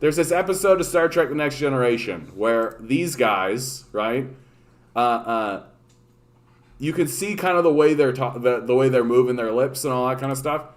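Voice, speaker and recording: A man's voice: mid-range voice, normal speed. A man from Canada hosting a casual political livestream, ranting sarcastically and profanely, with many stumbles and restarts.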